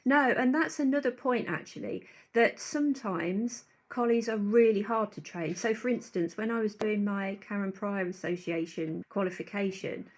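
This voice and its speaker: A woman's voice: mid-range voice, moderate pace, few pauses. A woman, a dog behaviour expert guest, explaining earnestly in an interview and thinking aloud as she talks. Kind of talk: conversational interview answers.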